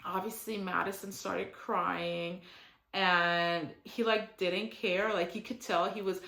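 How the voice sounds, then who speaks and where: A woman's voice: lowish voice, fairly even intonation, slow, sharp tone. Chatty opinionated young woman in an echoey room. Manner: chatty and opinionated, heavy use of "like", mocking quotes in character. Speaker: reality TV recap host. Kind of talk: casual recap commentary.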